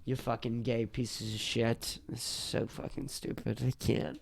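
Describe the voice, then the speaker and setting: A man's voice: medium pitch, level tone, a little slow, gravelly, no room sound. A young man hosting a solo podcast, rambling and swearing in an exasperated rant, a bit tipsy, with a sore throat. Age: young adult. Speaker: podcast host.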